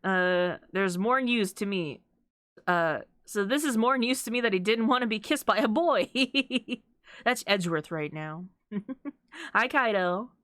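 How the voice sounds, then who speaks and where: Giggly woman streamer, slow and bright. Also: medium pitch, dry recording. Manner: giggly, playful. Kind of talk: casual game commentary.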